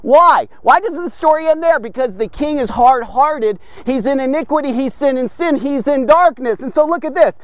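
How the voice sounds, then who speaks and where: A man's voice: extremely high pitch, animated, moderate pace, few pauses, no room sound. A man preaching a devotional podcast sermon, fervent and emphatic, asking and answering his own rhetorical questions.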